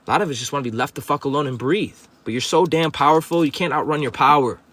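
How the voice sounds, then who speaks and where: A man's voice: on the high side, quick pace, few pauses, a bit bright. A man giving a livestreamed spiritual monologue to viewers, profane, confrontational and preachy. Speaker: livestream host.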